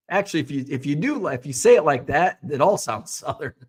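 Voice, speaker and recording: Chatty higher-voiced man hosting a stream. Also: sing-song, normal speed, slightly rough. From Illinois. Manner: reads viewer comments aloud and answers with wry asides. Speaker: host of a sports card hobby show. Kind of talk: casual live-stream chat.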